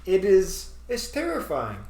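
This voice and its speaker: A man's voice: sits high, measured pace, vocal fry. Laughing man telling a story in an echoey room. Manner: animated, laughing often, acts out his own panic. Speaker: podcast host. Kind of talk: casual storytelling chat.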